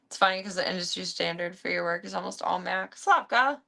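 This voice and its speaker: Young woman streamer, gravelly, casual pet chatter, calls her pets in a high coaxing voice. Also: completely flat delivery, quick pace, pushed and bright. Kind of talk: casual chat while feeding pets.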